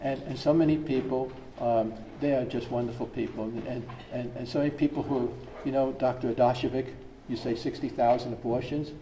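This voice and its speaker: An earnest priest telling a story to a gathered audience, with a dark, mellow tone. He sounds far from the microphone in a long-reverb hall, with faint room noise behind him. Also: mid-range voice, steady tone, a little fast, few pauses. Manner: earnest, with repeated phrases and restarts. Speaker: priest giving a workshop talk.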